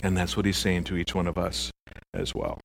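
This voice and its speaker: A man preaching a sermon as pastor, animated, acting out the voices in his stories. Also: deep voice, moderate pace, gravelly, a little hiss or hum.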